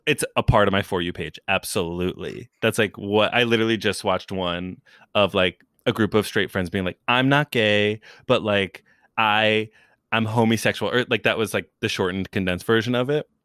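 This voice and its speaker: A young man chatting casually as a podcast guest, rambling with lots of fillers and quick impressions. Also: on the low side, fairly bright tone, dry recording, studio quality. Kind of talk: casual chat.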